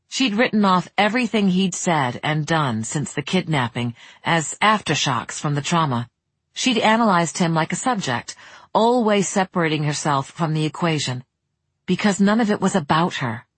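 An audiobook narrator reading a romance in a measured, even way, close to the mic. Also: medium pitch, breathy edge, no room sound. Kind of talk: scripted narration.

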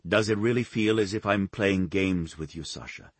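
A man's voice: low voice, normal speed, no echo. A man as an earnest, protective lover. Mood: tender. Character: devoted, protective young man pleading gently.

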